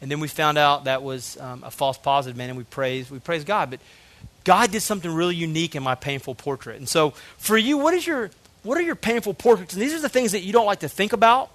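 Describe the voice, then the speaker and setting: A man's voice: fairly high pitch, animated, fast talker, a bit bright. A man in his thirties preaching a sermon, telling a personal story earnestly and emotionally, often saying "man". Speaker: pastor.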